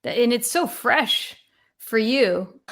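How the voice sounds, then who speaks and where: A woman's voice: on the high side, expressive, slow, a bit bright. Upbeat woman guest, laughing often. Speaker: podcast guest. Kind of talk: casual podcast interview.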